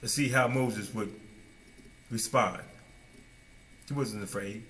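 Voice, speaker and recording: A man preaching a sermon with dramatic swings between loud bursts and low asides, and many rhetorical questions. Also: slow pace, a little hiss or hum.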